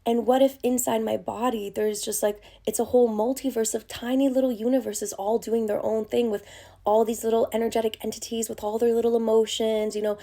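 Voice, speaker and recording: A young woman speaks to camera as a coach, her voice fairly high and soft-toned. She tells her story in an excited, casual way, full of fillers and the odd swear word. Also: a little fast. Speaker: creative expansion coach.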